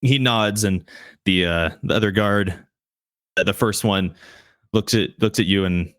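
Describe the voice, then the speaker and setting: A man narrating a tabletop game as game master, halting and restarting often. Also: fairly low pitch, a bit bright, clean tone, no echo, clean studio sound. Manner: halting, with frequent restarts and fillers.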